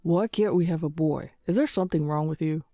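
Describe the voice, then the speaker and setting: A woman's voice: low voice, brisk, dark tone, dry recording, studio quality. A woman voicing a cold, dismissive husband who wants a son, with a curt and scornful delivery in a storybook narration. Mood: contemptuous.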